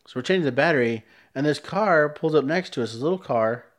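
A man co-hosting a podcast, telling a story in casual chat and acting out other people's voices with big jumps in pitch. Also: animated, quick pace. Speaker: podcast co-host.

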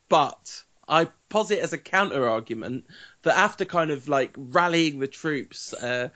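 A man's voice: medium pitch, a bit bright. A man co-hosting a podcast, telling football stories with wry enthusiasm and frequent laughter. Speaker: podcast co-host. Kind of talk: casual chat.

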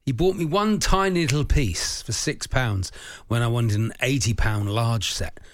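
Male radio co-host, casual chat, relaxed, close dry mic. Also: mid-range voice, unhurried, no room sound. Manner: relaxed, reads listener messages.

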